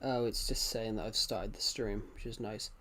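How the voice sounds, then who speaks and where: A man's voice: on the low side, steady tone, moderate pace, pushed and bright, a little hiss or hum. Rambling young man on a live stream. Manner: rambling, self-correcting, chatty with viewers. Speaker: livestreamer. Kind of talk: casual live-stream chat.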